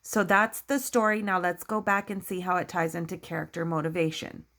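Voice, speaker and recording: A woman's voice: on the low side, fairly even intonation, fairly quick, a bit bright. Patient woman teacher explaining to kids. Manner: patient, explanatory, asks many questions. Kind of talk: recorded lesson for children.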